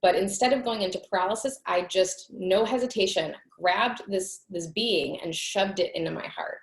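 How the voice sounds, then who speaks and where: A woman's voice: medium pitch, normal speed, vocal fry, echoey room, poor audio. A woman host earnestly recounting a personal spiritual experience in conversation, with many casual fillers. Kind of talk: reflective personal storytelling in conversation.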